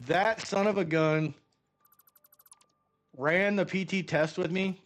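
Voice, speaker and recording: A middle-aged man chats casually while he plays a game, his voice sitting a bit high for a man. He tells long, animated stories that ramble along, full of fillers and restarts. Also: measured pace, long pauses, faint music behind. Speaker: gaming streamer.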